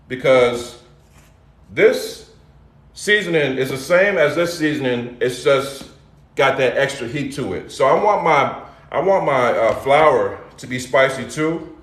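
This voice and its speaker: A man's voice: on the high side, expressive, a little slow, a bit bright, reverberant. A middle-aged man hosting a casual live cooking demo, loose and chatty, calling out to his viewers. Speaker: cooking show host. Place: home kitchen.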